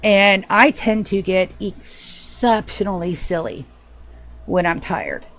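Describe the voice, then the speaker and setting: A woman's voice: medium pitch, expressive, takes it slowly, fairly bright tone. Chatty, profane woman streamer. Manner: chatty, profane, self-mocking. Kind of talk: casual live gameplay chat.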